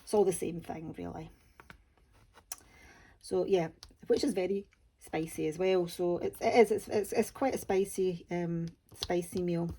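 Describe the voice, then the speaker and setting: A Scottish woman talks to camera at an unhurried pace, in a relaxed, homely way. Her voice is soft and mellow, with dry, self-deprecating humour running through her easygoing chat. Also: fairly low pitch. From Scotland. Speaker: crafting channel host.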